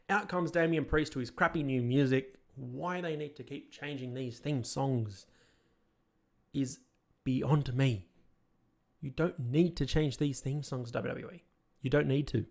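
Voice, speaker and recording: A man's voice: mid-range voice, a little mellow. Opinionated man giving casual commentary. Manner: opinionated and critical, rambling with restarts. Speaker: podcast host.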